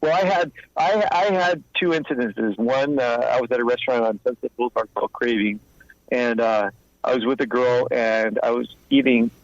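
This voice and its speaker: A man's voice: mid-range voice, steady tone, moderate pace, gravelly, dry recording. Blunt street-smart guy in his 50s telling war stories, plays both sides of the convo, kinda muffled dry sound. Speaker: guest, former mobster turned informant and author. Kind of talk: casual interview storytelling.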